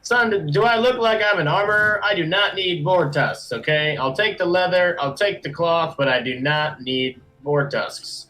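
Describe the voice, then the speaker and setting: A man's voice: fairly high pitch, expressive, moderate pace, fairly bright tone, reverberant, recorded from a distance, soft background music, poor audio. A man voicing a lazy, shrewd male orc merchant who haggles dismissively. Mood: irritated.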